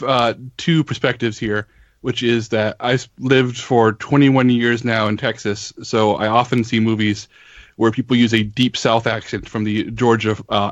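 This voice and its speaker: A man from the United States co-hosting a casual podcast discussion, talking in a measured way with many fillers. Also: lowish voice, no echo, lo-fi sound. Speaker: podcast co-host, film editor.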